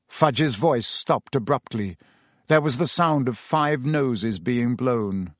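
A man narrating a storybook in an expressive, measured way. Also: mid-range voice, no echo, clean studio sound. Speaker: audiobook narrator. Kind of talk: scripted narration.

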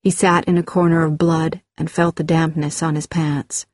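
A woman giving a measured, scripted narration of a first-person memoir. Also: sits low, level tone, no echo, clean studio sound.

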